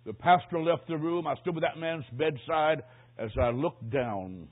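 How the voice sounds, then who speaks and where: A man preaching a sermon with dramatic storytelling, swinging from hushed to loud. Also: a little high, a little slow. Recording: tinny phone-like recording.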